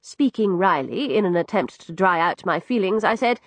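A woman narrating a story in the first person with wry, expressive delivery. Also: medium pitch, moderate pace, slightly rough, no room sound. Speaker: audiobook narrator.

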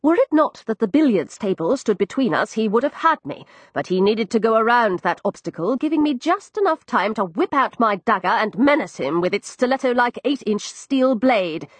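A woman narrating a first-person audiobook in an expressive, crisp storytelling manner. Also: a little high, moderate pace, hardly any pauses, no echo.

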